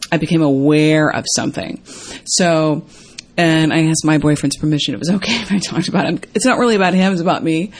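A woman hosts a casual self-help talk for viewers, chatting freely with plenty of fillers and using a higher voice to act out quoted lines.

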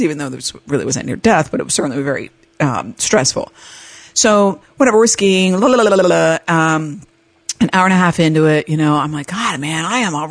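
A woman hosts her own podcast and tells a personal story with a very lively, bouncing pitch. She acts out the voices in the story and laughs often. The recording is dry and close, with no room sound. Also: no room sound. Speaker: podcast host. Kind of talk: storytelling monologue.

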